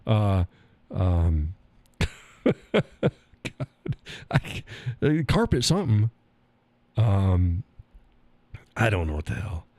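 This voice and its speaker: A man's voice: deep voice, big pitch swings, drawn-out words, long pauses, warm tone, no echo. A man in his sixties hosting a live stream, tired, crude and rambling as he reads chat aloud and laughs often.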